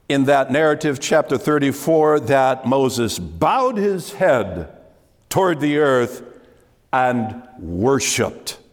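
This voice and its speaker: A man preaching a sermon to his congregation in an emphatic way, repeating key phrases and dropping to a hush. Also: mid-range voice. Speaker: pastor. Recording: long hall reverb.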